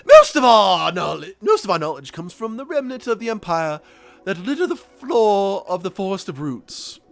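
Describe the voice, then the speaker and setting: A man voicing a pompous old gentleman archaeologist in a game, with plummy theatrical exclamations. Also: high voice, sing-song, moderate pace, vocal fry, voice pushed up, full character voice.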